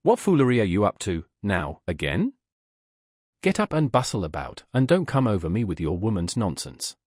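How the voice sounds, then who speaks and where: A man's voice: fairly low pitch, sing-song, normal speed, a little mellow, no room sound, clean studio sound, voice pushed down. A man voicing a brutal, surly male housebreaker who growls his words, in an audiobook reading. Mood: gruff. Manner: growling, savage.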